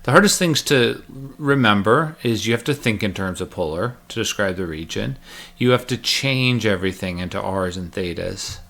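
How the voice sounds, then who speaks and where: Male math lecturer, low-pitched, casual and joking while explaining step by step. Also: animated, normal speed, gravelly, fairly bright tone. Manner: chatty, joking, walks through steps aloud.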